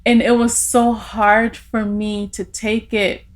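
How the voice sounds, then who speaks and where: A woman's voice: fairly high pitch, level tone, slow pace. A young woman in a casual podcast conversation, telling a personal story with feeling and laughing through tears at times.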